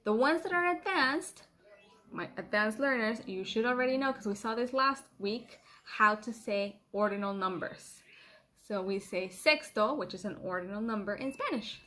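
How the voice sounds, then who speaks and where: A middle-aged woman teaching a children's language lesson in a playful, patient way, repeating words slowly for pupils to copy. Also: a little high, expressive, pushed and bright, a little hiss or hum. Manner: playful, laughs at herself.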